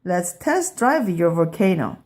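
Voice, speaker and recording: Woman doing a storybook professor man, fussy and lecturing, slow and lively. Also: on the low side. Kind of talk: children's storybook read-aloud.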